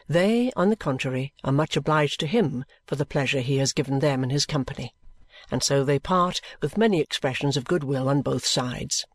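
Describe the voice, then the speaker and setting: Guy reading an old novel aloud, even and measured, kinda high voice, dry close mic. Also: dry recording. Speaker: audiobook narrator. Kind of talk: scripted narration of a classic novel.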